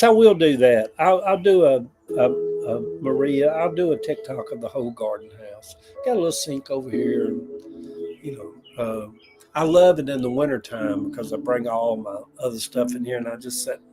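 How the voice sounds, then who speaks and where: A man's voice: mid-range voice, low-quality recording. An older man, chatting casually and emotionally on a livestream, rambling and reading viewer comments aloud. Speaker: livestream host.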